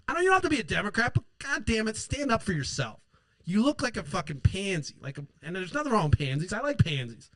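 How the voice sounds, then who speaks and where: Guy with a high voice going off on politics, swearing a ton, sarcastic, dry close mic. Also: fairly bright tone, no room sound. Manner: angry, sarcastic, swears constantly, mocks in put-on quotes. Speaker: political podcast host. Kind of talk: profane political rant.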